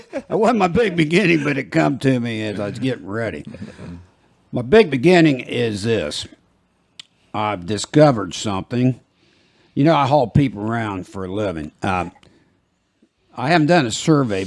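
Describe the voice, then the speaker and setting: A man's voice: mid-range voice, vocal fry, no room sound. An older man with a small-town American twang, hosting a podcast and telling rambling jokey stories in casual chat. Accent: rural American twang. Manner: rambling, joking, laughs at his own stories. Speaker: podcast host.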